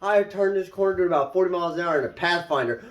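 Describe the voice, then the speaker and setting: A man's voice: high-pitched, fast talker, echoey room, lo-fi sound, slight background noise. A young man, casually telling funny stories and laughing through them. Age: 20s. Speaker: storyteller. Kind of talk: casual storytelling.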